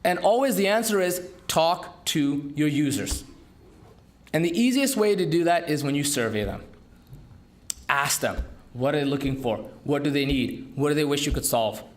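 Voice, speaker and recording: A man giving a business talk to an audience, with an emphatic, lively delivery and rhetorical questions. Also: fairly high pitch, moderate pace. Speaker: entrepreneur speaker. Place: conference room.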